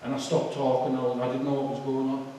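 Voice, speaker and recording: A man tells his personal testimony, emotional and halting, filling pauses with "um." His voice sits at an ordinary pitch. It carries a long hall reverb and sounds distant from the microphone. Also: level tone, mellow, slight background noise. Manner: emotional, halting, with many fillers. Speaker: speaker giving a testimony. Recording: echoey hall, far from the mic.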